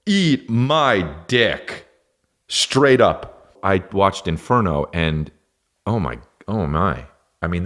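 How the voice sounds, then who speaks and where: A man hosting a podcast, ranting casually with heavy profanity, rambling and restarting his sentences. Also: low-pitched. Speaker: podcast host. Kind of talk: casual comedic rant.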